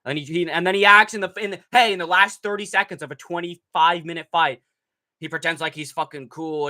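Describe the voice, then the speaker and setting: A young man talks on a live stream in a bright, forceful voice, a little higher than most men. He answers chat in a brash, mocking, profane way and sometimes breaks into shouts. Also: a little fast. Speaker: livestream host reading chat. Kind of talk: casual livestream chat.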